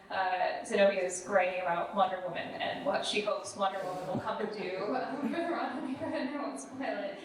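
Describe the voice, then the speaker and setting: A woman's voice: medium pitch, a little hiss or hum. Polite woman asking from the audience. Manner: polite, thoughtful, hesitant. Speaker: audience member asking a question. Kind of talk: question from the audience. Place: museum event room. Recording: echoey hall, picked up from far off.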